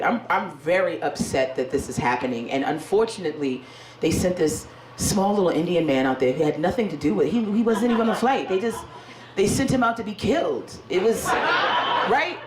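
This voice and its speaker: A woman comedian doing a stand-up set, telling a story loudly and profanely with big swings in her voice. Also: fairly low pitch, animated, a little fast. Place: comedy club stage before a laughing audience. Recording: echoey live venue with loud crowd noise.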